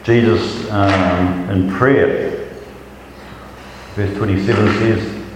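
A man gives a conversational sermon in a slightly low voice. He restarts often and repeats words. His voice carries with long, roomy reverb through a large hall. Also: fairly even intonation, very slow, noisy background. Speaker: preacher.

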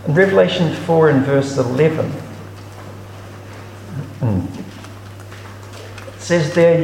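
This man's gravelly, somewhat high voice moves slowly, with frequent pauses and a slightly mellow quality. He reads scripture aloud and reflectively explains it as a teacher would, recorded in an echoey room with long reverb and a little background noise.

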